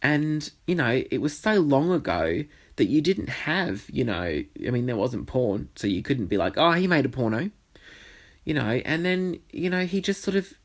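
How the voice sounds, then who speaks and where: Man, solo podcast host, chatty and sweary, wanders off on tangents. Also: medium pitch. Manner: rambling, sweary, goes off on tangents. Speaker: podcast host, drag performer. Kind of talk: casual solo podcast chat. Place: bedroom.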